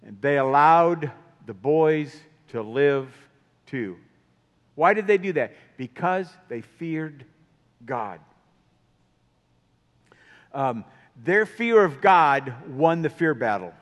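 A man preaching a sermon in a casual, conversational way, asking his listeners many questions. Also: a little high. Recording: long hall reverb.

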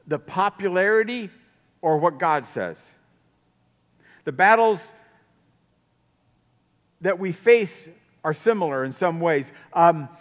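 A man preaching a sermon in a casual, conversational way, asking his listeners many questions. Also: high-pitched. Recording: long hall reverb.

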